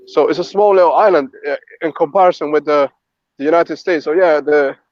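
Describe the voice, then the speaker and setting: A man, a guest on a boxing talk show, speaking casually and haltingly with lots of fillers. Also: on the high side, no echo. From Britain. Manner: halting, heavy on fillers like "you know". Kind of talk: casual chat. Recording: dull dry lo-fi audio.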